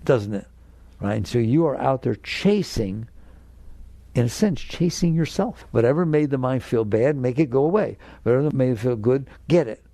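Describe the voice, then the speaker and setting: An older man with a gravelly voice gives a spiritual talk, direct and emphatic. His tone is dark and mellow, and the recording is dry and close. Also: mid-range voice, expressive, normal speed, dry recording. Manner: emphatic, direct, acts out inner voices in quotes. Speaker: spiritual teacher.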